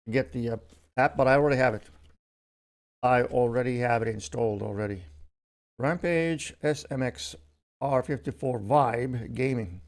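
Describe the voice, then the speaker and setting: Chatty and rambling, an older man talks through an unboxing in a darkish, medium-pitched voice. His casual commentary is full of fillers and places where he corrects himself.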